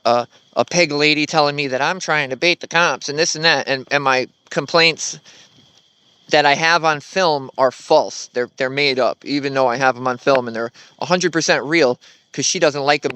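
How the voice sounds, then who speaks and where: A man's voice: medium pitch, moderate pace, a bit bright, smooth, dry recording. A man giving blunt, sarcastic commentary on a video clip.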